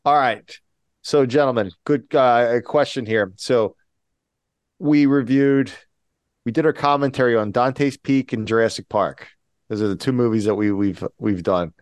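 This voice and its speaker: A man's voice: medium pitch, a little slow, no echo. A man co-hosting a podcast, joking with his friends and steering the talk with questions. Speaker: podcast co-host. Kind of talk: casual chat.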